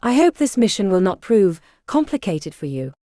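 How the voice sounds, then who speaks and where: A stern and weary medieval king speaks in measured, grave lines, as a woman narrator reads him. The voice moves with a lively pitch and a soft, mellow tone, recorded dry and close. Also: no room sound, lightly acted. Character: stern weary middle-aged Scottish king.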